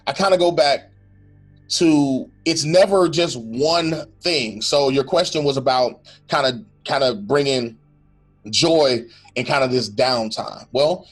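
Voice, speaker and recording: A man's voice: mid-range voice, slow pace, soft background music. A man co-hosting a casual faith-based talk, earnest and reflective, often acting out what someone might say. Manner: earnest and reflective, quotes imagined speech, restarts often. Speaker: podcast co-host.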